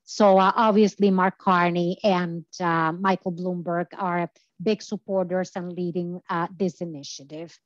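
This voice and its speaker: A woman's voice: lowish voice, fairly even intonation, unhurried, dry recording, highs cut off. A woman giving a lecture over slides, explaining step by step with many filler sounds, her voice a little tired from talking all day. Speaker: guest lecturer.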